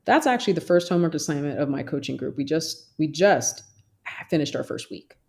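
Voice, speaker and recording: With a low, darkish voice marked by vocal fry, this woman speaks briskly and expressively. She's a therapist and social worker appearing on a podcast, talking with emphasis and regularly doing impressions of other people.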